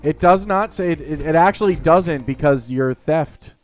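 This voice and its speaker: A man's voice: fairly high pitch, measured pace, soft background music. A man co-hosting a casual podcast, arguing his points and explaining at length. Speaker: podcast co-host. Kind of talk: casual chat.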